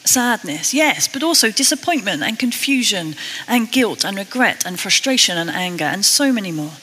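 A British woman preaching a sermon, earnest and a little self-deprecating, slowing down to read scripture. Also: mid-range voice, big pitch swings, sharp tone, long reverb tail, slight background noise, poor audio. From Britain.

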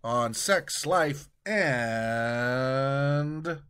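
A man hosting a comedy podcast and narrating a story in a deliberate, unhurried manner. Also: medium pitch, noisy background.

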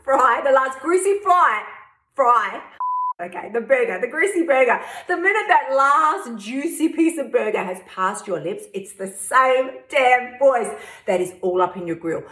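A woman's voice: sits high, lively intonation, a little slow, fairly bright tone. A woman hosting a motivational weight-loss podcast, blunt and profane in a tough-love manner. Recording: echoey room.

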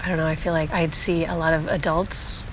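A woman in her thirties hosting, narrating from a script and then interviewing a guest, measured and reflective. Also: deep voice, level tone, a little hiss or hum. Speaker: host and interviewer.

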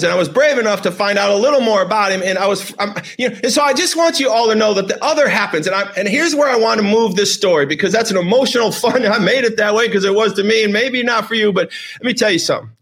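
Man, high-pitched, middle-aged, emotional storytelling, rambling, emphatic repeats. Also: lively intonation, quick pace, hardly any pauses, a bit bright. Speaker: host. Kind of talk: emotional personal storytelling monologue.

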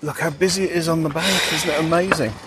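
A man's voice: on the high side, fairly even intonation, fast, crowd noise. A man co-hosting a podcast, chatting in an easygoing way with fillers while driving. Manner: easygoing, agreeable, hesitant fillers. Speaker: podcast co-host. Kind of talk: casual chat on a drive. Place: in a car. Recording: road noise behind the voice.

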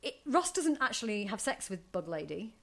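A woman in casual podcast chat, chatty and lively, slipping into high squeaky voices when she quotes someone. Her voice sits at a middle pitch for a woman. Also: normal speed, gravelly. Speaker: podcast co-host.

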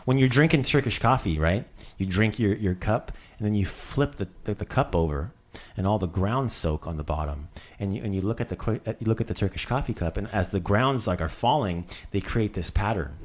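A man's voice: lowish voice, expressive, a little fast. A middle-aged man hosting a casual podcast lesson, joking and repeating words for practice. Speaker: language teacher and host.

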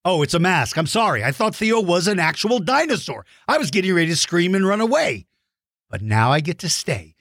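A man hosting a dinosaur show for kids, giving playful, enthusiastic shout-outs to young fans. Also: high voice, big pitch swings, fairly quick, dry recording, clean studio sound. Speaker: host of a kids' dinosaur show.

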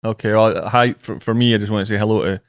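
A man's voice: on the low side, quick pace, no room sound, studio quality. A man hosting a casual podcast, chatting and telling stories with lots of fillers. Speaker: podcast host.

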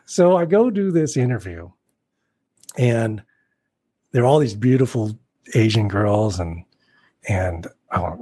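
A man being interviewed as a guest actor, telling anecdotes in a casual, animated way and acting out the people he quotes. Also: lowish voice, unhurried, long pauses, husky, no room sound. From Portland, Oregon.

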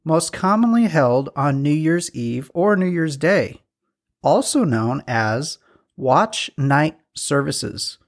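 A man's voice: fairly high pitch, lively intonation, slow. A man co-hosting a podcast in casual chat, reading out trivia with self-deprecating jokes. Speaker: podcast co-host.

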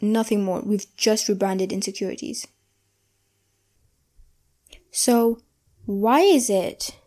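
A young woman hosting her own podcast, talking in an earnest, reflective way and slowing down to stress key phrases. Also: medium pitch, dark tone. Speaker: podcast host. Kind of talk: casual solo podcast monologue.

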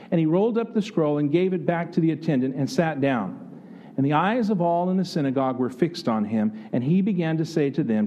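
A man's voice: on the high side, animated, fairly quick, warm tone, dull audio. A man from the United States preaching a sermon in an earnest, conversational way, often asking the congregation rhetorical questions. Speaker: pastor.

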